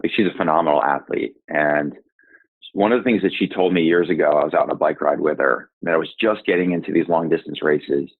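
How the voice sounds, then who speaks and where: A man gives emphatic, repetitive pep talk on a group video call. His voice is husky. The sound is squeezed thin like an old phone line. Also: rumbling low, a little fast. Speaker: interview guest, startup sales coach.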